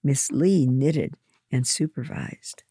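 A woman with a husky voice reading a first-person story aloud in a calm, measured way. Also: rumbling low, no room sound, clean studio sound.

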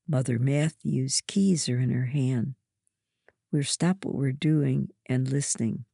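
A narrator reading a first-person story aloud in a slow, measured way. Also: mid-range voice, fairly even intonation, creaky, mellow, slightly rough, no echo, clean studio sound.

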